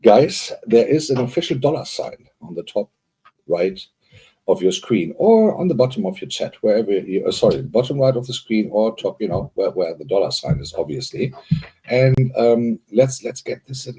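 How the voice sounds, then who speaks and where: A man's voice: mid-range voice, expressive, normal speed, mellow, breathy edge. A man co-hosting a live online party, chatting loosely with many fillers and greeting viewers as they arrive. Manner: rambling, filler-heavy, upbeat greeting of viewers. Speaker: co-host. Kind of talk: live-stream hosting chat.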